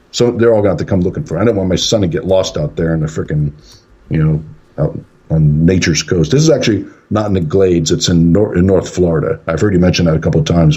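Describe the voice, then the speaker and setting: A man guesting on a radio show, telling a long story in a rambling, casual way and acting out what people said. His voice sits low and is husky and mellow. The line sounds dull and lo-fi. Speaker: guest paranormal investigator.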